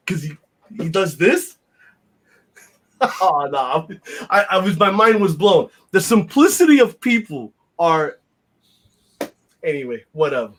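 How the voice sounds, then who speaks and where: A man's voice: on the high side, expressive, slow, long pauses, fairly bright tone. A man, hosting a casual podcast chat in a blunt, rambling, profane way with lots of fillers. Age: 50s. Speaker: podcast host.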